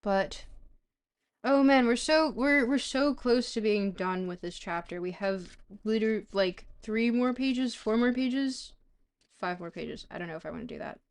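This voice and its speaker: Woman streamer reading a book aloud, slow and halting, tired, stumbles over foreign words. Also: fairly high pitch. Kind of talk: casual live-stream reading with chat.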